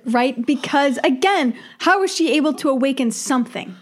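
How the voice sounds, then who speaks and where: A woman's voice: high voice, normal speed. A woman co-hosting a casual film review chat, laughing often and quoting lines mockingly. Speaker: podcast co-host.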